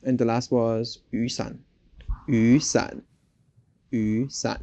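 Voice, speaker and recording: A woman's voice: extremely low pitch, little pitch movement, slow pace, warm tone, lo-fi sound. A woman co-hosting a language podcast as the learner, curious and careful as she repeats phrases. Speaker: learner co-host.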